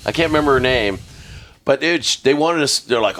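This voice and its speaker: A man's voice: medium pitch, expressive, a little fast, fairly bright tone, a little hiss or hum. A middle-aged man, a retired bomb technician hosting a podcast, chatting in a laid-back, profane way. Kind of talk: casual chat.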